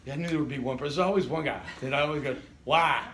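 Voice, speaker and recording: A man teaching a college class, animated and joking, often checking in with the room. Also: mid-range voice, very fast, a little hiss or hum. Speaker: college instructor. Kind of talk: classroom lecture.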